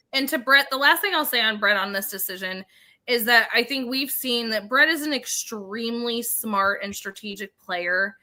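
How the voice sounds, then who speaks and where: Bright, higher-pitched woman co-hosting. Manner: chatty, restarts and repeats herself. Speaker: podcast co-host. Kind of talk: casual podcast recap chat.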